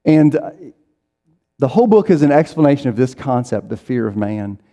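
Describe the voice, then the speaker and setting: A man's voice: mid-range voice, big pitch swings, normal speed, dark tone. A man preaching a sermon in a conversational way, acting out people's inner voices as he goes. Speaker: pastor. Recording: reverberant hall.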